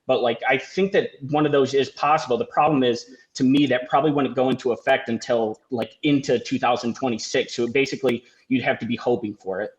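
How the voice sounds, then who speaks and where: A man co-hosting a podcast, chatting casually in a relaxed way and asking questions. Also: mid-range voice, fairly quick, few pauses, rough recording. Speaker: podcast co-host. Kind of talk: casual chat.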